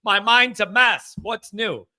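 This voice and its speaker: A man's voice: high voice, slow pace, bright, forceful tone. A male host in casual sports talk, chatty and agreeable, often joking at his own expense. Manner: agreeable, self-deprecating, chatty.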